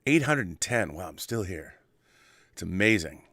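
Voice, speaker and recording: A middle-aged man hosting his own show in a wry, digressive monologue that swings between animated bursts and quiet asides. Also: sits low, normal speed, no echo, clean studio sound. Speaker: host. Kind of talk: casual monologue.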